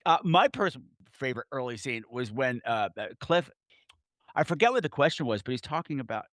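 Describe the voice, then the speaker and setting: A man's voice: mid-range voice, brisk, dry recording, studio quality. A man on a podcast retelling film moments in a casual chat, laughing as he goes. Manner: laughing, energetic storytelling. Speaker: podcast host.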